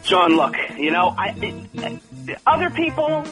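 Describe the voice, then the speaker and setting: Blustery man with a lively, swooping voice. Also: high voice, a little slow, faint music behind, low-quality recording. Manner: blustery, preachy tough-guy bravado. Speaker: friend giving advice by phone. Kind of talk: phone advice chat.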